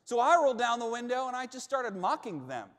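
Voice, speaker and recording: A male pastor with a high voice preaches to a congregation, telling a lively personal story and acting out what people shouted. His voice rings with the long reverb of a large church hall. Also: brisk. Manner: animated storyteller, acts out shouts and quotes. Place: church auditorium.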